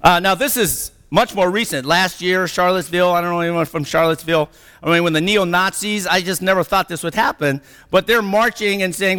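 A man's voice: high-pitched, a little fast, pushed and bright. A middle-aged man giving an anecdotal lecture-style talk, often checking in with "okay?" and "right?" and laughing through his stories. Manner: laughs while telling stories. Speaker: presenter. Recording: reverberant hall sound.

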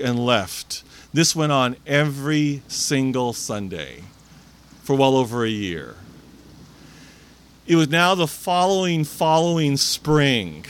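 A man's voice: medium pitch, a little slow. A male preacher telling a story in a sermon, acting out the people in it. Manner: animated storyteller, acts out characters.

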